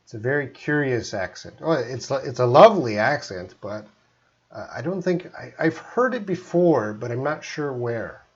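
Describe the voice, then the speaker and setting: A man's voice: medium pitch, lively intonation, normal speed, slightly rough, lo-fi sound. A Canadian man, an English teacher, chatting through a live-streamed lesson and reading out viewer comments.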